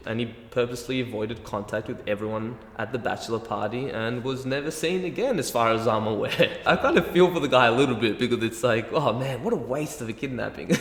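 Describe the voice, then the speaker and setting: A young Australian man telling a personal story in an animated, self-mocking way with plenty of swearing. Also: medium pitch. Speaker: vlogger. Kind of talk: storytelling monologue. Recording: roomy echo, long reverb, faint music.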